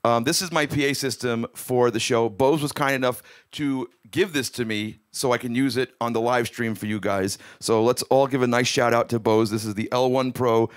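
A man's voice: mid-range voice, fairly even intonation, moderate pace, few pauses. A man hosting his own music live stream from a home room, chatting casually and rambling as he greets viewers by name.

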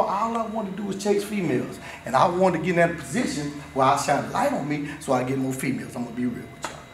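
A man, a former player, giving a passionate and repetitive motivational speech straight to a high school football team. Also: a little hiss or hum. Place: school locker room. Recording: echoey room, picked up from a distance.

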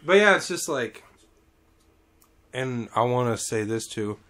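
A young man telling a story in casual chat, animated, swearing often. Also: medium pitch, a little slow.

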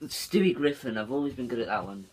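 A man's voice: mid-range voice, animated, fast talker, husky. Young man rambling on a casual vlog. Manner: rambling, swears often. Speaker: YouTuber.

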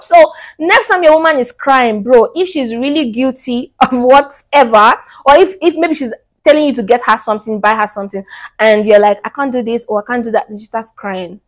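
A young woman giving casual relationship advice to men, lively and blunt, acting out the people she quotes. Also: high voice, a little fast. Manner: animated, mocking quoted voices, laughs.

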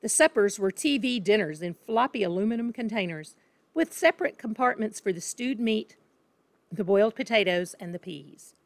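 A woman reads a children's story aloud, calm and expressive, at a middling pitch. The recording is close and dry, with no room sound. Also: no room sound. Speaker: reader. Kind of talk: storybook narration.

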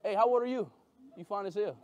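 Loud high-pitched excitable young man. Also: quick pace, muffled recording. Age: young adult. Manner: loud, excitable, shouting bursts and laughter. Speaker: streamer. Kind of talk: excitable vlog chat.

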